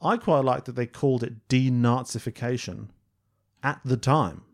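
A man's voice: mid-range voice, normal speed. A man co-hosting a podcast, chatting casually and jokily about a film. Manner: chatty, self-deprecating, jokey. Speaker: podcast co-host. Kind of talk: casual film review chat.

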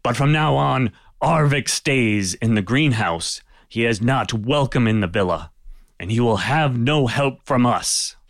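A stern Viking lord hands down his judgment in a gruff, commanding voice, put on by a man. He speaks slowly and heavily, and the sound is dry and close. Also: mid-range voice, lively intonation, dry recording, pitched above the performer's own voice.

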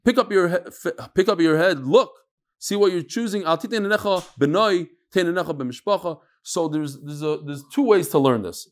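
A man's voice: high-pitched, normal speed. A man teaching an informal Talmud class to a live audience, a rabbi who wanders into asides and jokes and mixes Hebrew and Yiddish terms into his English. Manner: digressive and joking, mixing in Hebrew and Yiddish terms.

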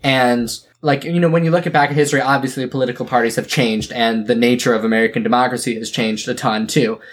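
A young man hosting a casual podcast, thinking aloud with many fillers as he rambles through his points. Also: mid-range voice. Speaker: podcast host.

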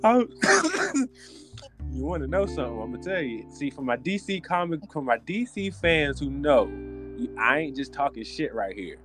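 A man hosting a podcast, ranting in an animated, joking and profane way with lots of restarts. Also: fairly high pitch, moderate pace, music in the background. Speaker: podcast host. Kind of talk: casual comedic podcast chat.

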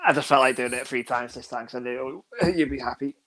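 A man's voice: mid-range voice, a little fast, a bit bright. A man co-hosting a podcast, rambling enthusiastically and giggling through casual chat. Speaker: podcast co-host.

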